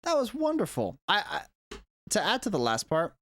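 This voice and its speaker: At home, an English teacher talks through a reaction video in a rambling way, correcting himself as he goes. His voice is high and a bit bright, swooping wildly in pitch at a normal speed. It's a casual reaction vlog.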